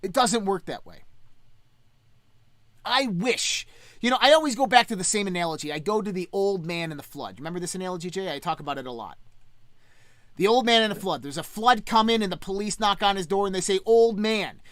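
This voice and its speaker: A woman's voice: medium pitch, lively intonation, brisk, fairly bright tone, no room sound. Emphatic woman host, preachy rant. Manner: emphatic, preachy, swears freely. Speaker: podcast host. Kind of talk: impassioned casual rant.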